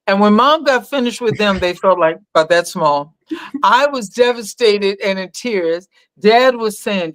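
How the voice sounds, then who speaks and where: Speaking unhurriedly in a mid-range voice on a dry recording, an older woman shares a family story with her son, the host. She's an animated storyteller who acts out every quoted voice.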